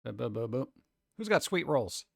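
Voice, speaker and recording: A man's voice: mid-range voice, big pitch swings, moderate pace, gravelly, no room sound, studio quality. A man hosting a casual stream, chatting playfully and making goofy noises. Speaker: streamer host. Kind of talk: casual chat.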